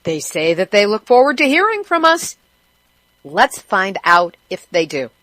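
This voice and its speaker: A woman's voice: medium pitch, sing-song, unhurried, bright, forceful tone, no room sound. Woman radio host, sarcastic news commentary, dry close studio sound. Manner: wry, sarcastic.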